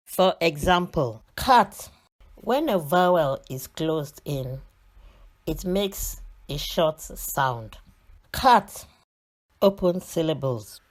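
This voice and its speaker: A British woman narrating a beginners' reading lesson, carefully sounding out letters and words. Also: sits low. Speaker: reading teacher. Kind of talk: slow scripted lesson narration.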